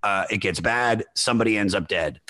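Rambling, excitable man hosting a podcast. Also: fairly low pitch, brisk, no room sound. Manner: rambling, excitable, swears casually. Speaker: podcast host. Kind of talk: casual chat.

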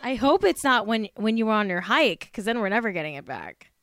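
A woman's voice: fairly high pitch, big pitch swings, fairly quick, a bit bright, faint music behind. A young woman co-hosting a podcast, chatting casually in an exasperated, joking way. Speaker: podcast co-host. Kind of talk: casual chat.

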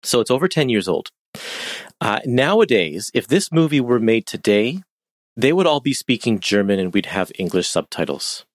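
A man's voice: mid-range voice, very animated, normal speed, no room sound, studio quality. A man giving matter-of-fact opinions in a casual podcast film discussion. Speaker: podcast co-host.

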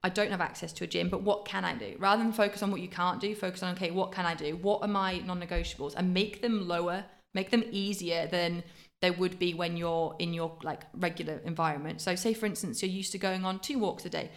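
A woman, a fitness coach giving quick practical advice in casual podcast chat. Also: on the low side, fairly even intonation. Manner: fast, practical advice with many fillers.

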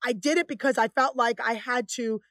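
A woman chatting casually, telling lively stories and acting out other people's voices. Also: a little high, brisk, dry recording. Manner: animated storyteller, acts out voices. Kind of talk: casual chat.

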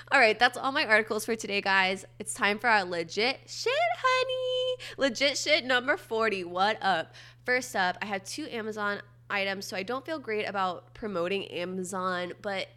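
A young woman hosts her podcast alone, talking in a loose, chatty way and tossing in wry little jokes. Her voice is nasal and noticeably bright, with an edge that cuts through. She stays at an ordinary middle pitch for a woman. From Florida. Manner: chatty, wry, upbeat asides. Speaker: podcast host. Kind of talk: casual solo podcast chat.

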